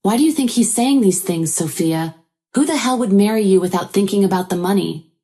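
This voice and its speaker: A woman's voice: mid-range voice, fairly quick, dark tone, close to an everyday voice. A woman voicing a greedy, scheming mother-in-law who makes demands and pries.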